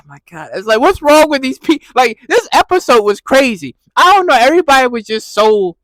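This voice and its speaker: A man giving a casual, animated recap of a TV episode, laughing and repeating himself as he reacts. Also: extremely high pitch, moderate pace, dry recording. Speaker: TV recap vlogger.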